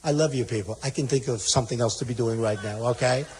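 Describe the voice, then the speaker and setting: A man's voice: medium pitch, fast, darkish tone. A man from the United States giving a rally speech as a political candidate, telling long, repetitive stories with acted-out quotes. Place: large indoor rally venue. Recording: long hall reverb, faint noise.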